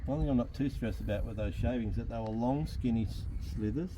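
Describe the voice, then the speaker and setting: A man's voice: mid-range voice, brisk, mellow. A man, a father who owns the car, explaining mechanics plainly with dry humour in a home garage. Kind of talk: casual explaining. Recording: clear background noise.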